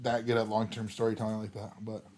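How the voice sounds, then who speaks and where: A man's voice: lowish voice, monotone, fast, darkish tone. Hesitant but firm podcast co-host, man. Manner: hesitant starts, firm predictions. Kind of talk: casual wrestling chat. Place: around a table with co-hosts.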